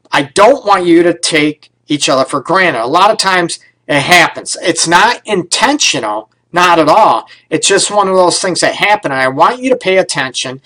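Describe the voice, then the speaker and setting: A middle-aged man talks through relationship advice as a counselor hosting his own show. His voice sits a little high for a man, and his delivery is loose and conversational, full of "you know" and "right?" and the odd blunt curse. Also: expressive, normal speed, a bit bright. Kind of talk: casual advice talk.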